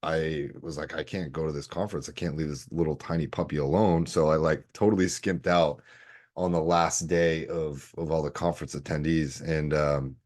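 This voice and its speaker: A man's voice: rumbling low, fairly even intonation, normal speed, a little mellow. A man in his thirties hosting a solo podcast, telling stories in a casual, rambling way. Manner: casual, rambling storytelling with fillers. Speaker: podcast host.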